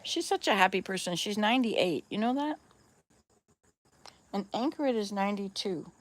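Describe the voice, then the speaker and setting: A woman's voice: medium pitch, animated, normal speed, a little hiss or hum. A woman in her sixties chatting casually at home, rambling and upbeat, coaxing her cats now and then. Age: 60s. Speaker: vlogger. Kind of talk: casual chat.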